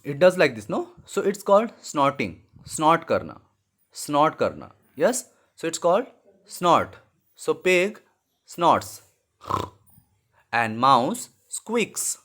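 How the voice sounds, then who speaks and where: With an Indian English accent, a man teaches English to young kids in an online class, his slightly high, fairly bright voice swooping wildly in pitch. He goes slowly, repeats words, often slips into Hindi, and stops to apologise and correct himself.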